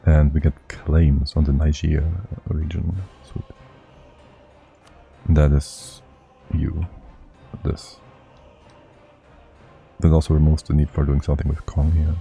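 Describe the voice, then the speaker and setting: A man's voice: extremely low pitch, little pitch movement, slow pace, creaky, pauses often, dark tone, soft background music. A man streaming a strategy game live, thinking aloud and muttering to himself as he plays.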